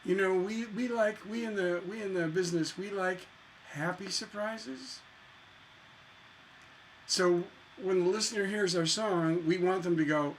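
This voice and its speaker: A man teaching songwriting in a relaxed, chatty way, playing guitar and humming bits of melody as he explains. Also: high voice, unhurried, slight background noise. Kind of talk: casual music lesson with guitar. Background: acoustic guitar.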